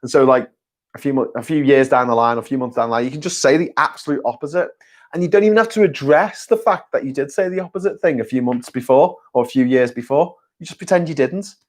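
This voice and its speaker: A man's voice: mid-range voice, quick pace. A man, hosting a casual live chat, reading viewer messages and talking bluntly and sarcastically, with plenty of swearing. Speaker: host.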